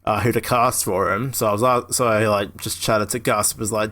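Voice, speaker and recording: A man's voice: on the low side, fairly even intonation, normal speed, pushed and bright. A man hosting a podcast, chatting casually with a lot of laughter and swearing. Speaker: podcast host. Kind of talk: casual chat.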